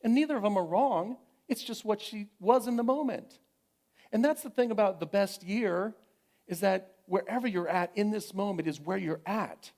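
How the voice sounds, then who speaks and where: A middle-aged man preaching a sermon as minister, gentle and encouraging, conversational, repeating his phrases and telling family stories. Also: high-pitched, normal speed.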